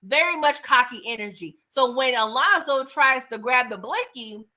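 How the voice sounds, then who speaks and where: Bright-voiced chatty woman reviewer. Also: sits high, expressive, normal speed. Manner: chatty, slangy, tags lines with "okay?" and "right?". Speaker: movie reviewer. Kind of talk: casual film recap.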